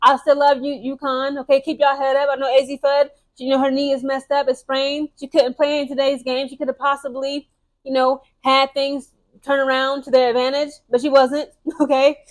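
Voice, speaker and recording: Brief: young woman, high voice, casual emphatic sports vlog talk, fast and chatty with restarts. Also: flat delivery. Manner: emphatic, keeps tagging lines with "okay?" and "guys". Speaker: sports commentary vlogger. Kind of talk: casual opinionated sports commentary.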